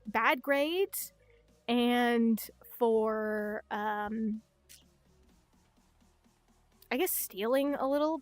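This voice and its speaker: A woman's voice: a little high, dry recording. A young woman streaming casually, ranting animatedly, swearing a lot and acting out other people's voices. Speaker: VTuber streamer. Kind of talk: casual livestream chat.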